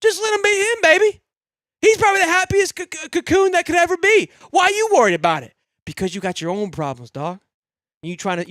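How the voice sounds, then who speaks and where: A young man hosting a live fan sports show, excitable and rambling, swearing freely and swinging from loud hype to low grumbling. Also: no echo, studio quality. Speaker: sports podcast host.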